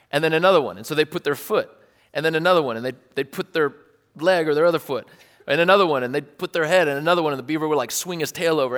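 A man preaching a sermon in a church hall, talking casually and earnestly with animated, wry asides. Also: a little high. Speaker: pastor. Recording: long hall reverb.

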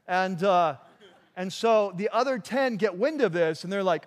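A man's voice: sits high, expressive, normal speed. A man preaching a sermon in a conversational way, with frequent restarts and asides to the congregation. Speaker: pastor.

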